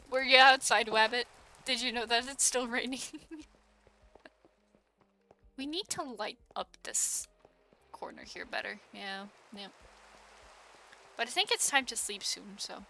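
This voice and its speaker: A young woman streamer chatting casually with her viewers while she plays, giggling often and breaking into excited exclamations. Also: on the high side, unhurried, gravelly, pauses often, soft background music.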